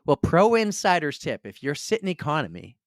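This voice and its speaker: A man co-hosting a podcast sits close to the mic in a dry, dead room. His voice sits a little high for a man. He tells a rambling story with lively energy and often says a phrase twice. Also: normal speed, dry recording. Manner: animated storyteller, repeats phrases. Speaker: podcast co-host. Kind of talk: casual chat.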